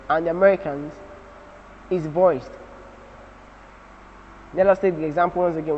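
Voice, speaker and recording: A man with a Nigerian English accent teaching a spelling lesson, slowly repeating example words and spelling letters out. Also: on the high side, darkish tone, slight background noise. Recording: dull audio with long reverb.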